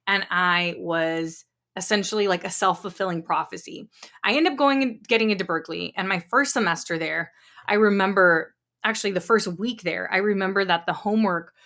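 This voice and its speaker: A woman in her thirties hosts her own podcast and tells stories from her life. Her voice sits at an ordinary middle pitch. She talks in a candid, encouraging way, loose and chatty, with plenty of casual fillers. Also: moderate pace, a bit bright. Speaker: podcast host. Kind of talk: personal storytelling.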